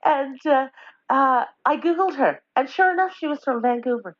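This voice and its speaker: A woman's voice: sits high, lively intonation, normal speed, no echo. A woman, chatting in a podcast interview in a rambling, self-correcting way. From Newfoundland, Canada. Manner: rambling, self-correcting, warm storytelling with laughs. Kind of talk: casual conversation. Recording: dull, dry lo-fi podcast audio.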